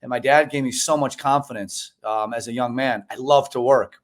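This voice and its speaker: Here a man in his forties from Chicago, with a mid-range voice at an ordinary pace, appears as a podcast guest on a video call. He's an animated storyteller who acts out quoted dialogue in a relaxed interview, peppering his talk with "man" and "bro."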